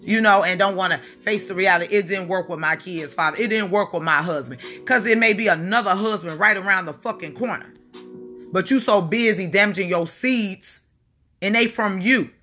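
A woman speaks with a bright, forceful edge. She delivers a blunt, preachy, profane livestream monologue from indoors. Faint music plays underneath. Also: medium pitch, normal speed. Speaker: spiritual wellness livestream host. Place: alone, indoors. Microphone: phone or webcam.

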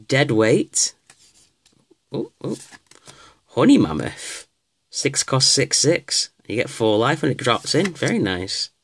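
A man casually opening card packs on camera, reading out card names with excited exclamations. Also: mid-range voice, slight background noise. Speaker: card pack opener. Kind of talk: casual unboxing commentary.

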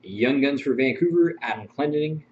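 A man's voice: mid-range voice, moderate pace. Man rattling off hockey card pulls. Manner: rattles off card names and numbers, chuckling between. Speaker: card break host. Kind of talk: live-streamed card opening. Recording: muffled stream audio with faint hum.

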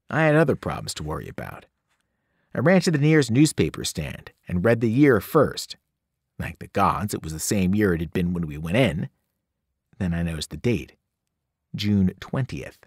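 Expressive male teacher reading aloud. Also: creaky, slightly rough, no echo, studio quality. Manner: expressive storytelling, varied pitch. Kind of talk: audiobook read-aloud.

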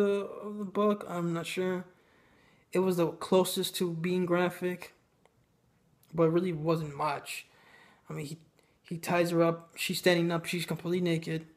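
A man giving a casual, ranting film review, blunt and sarcastic, with many pauses and fillers. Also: a little high.

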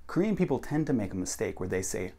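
An American man talks through an informal English lesson, his voice leaping around in pitch as he acts out examples. There is a gravelly rasp under his speech, and he sounds at ease. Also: fast. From United States. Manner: animated, acts out example sentences with big pitch jumps. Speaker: English teacher, channel host. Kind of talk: casual explainer video.

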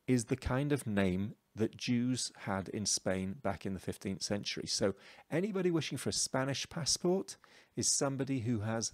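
A man's voice: fairly low pitch, no echo. A man explaining a song's cultural references in a chatty, explanatory lesson style. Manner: chatty, explanatory, with asides like "okay?" and "shall we say". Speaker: educator explaining a song.

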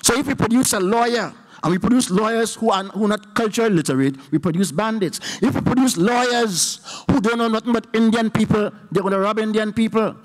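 A man with a Trinidadian accent giving an emphatic public speech as a university professor, slowing down to repeat his key points. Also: high-pitched. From Trinidad and Tobago. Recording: speech hall with long reverb.

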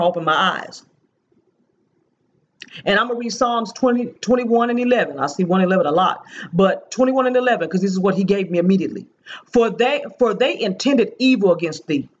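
A woman's voice: fairly high pitch, muffled recording. A woman preaching, earnestly recounting a prophetic dream and repeating key phrases for emphasis.

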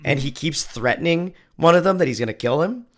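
A man's voice: fairly high pitch, animated, a little fast, fairly bright tone. A man co-hosting a podcast in casual film-review chat, easygoing with hesitant restarts. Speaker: podcast co-host.

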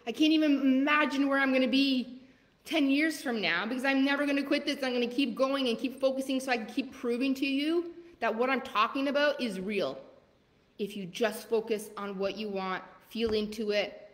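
A woman coach giving a live motivational masterclass, urging listeners on with rapid-fire repeated commands. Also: sits high, fairly even intonation, big-room sound. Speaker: leadership coach.

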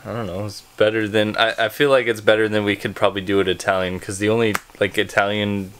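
A man's voice: on the low side, level tone, quick pace, a little hiss or hum. A young man hosting a casual date vlog, talking in a hesitant way and stumbling over repeated words. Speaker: vlogger host.

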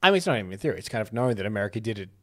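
A man's voice: on the low side, sing-song, rapid-fire. A man co-hosting a podcast in casual comedic chat, joking and slipping into silly voices. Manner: jokey, does silly voices, laughs often. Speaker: podcast co-host.

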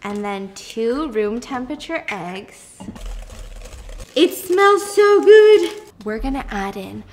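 A woman's voice: fairly high pitch, big pitch swings, takes it slowly, a little hiss or hum. A young woman podcast host telling a story in a casual, joking, slangy way while she bakes.

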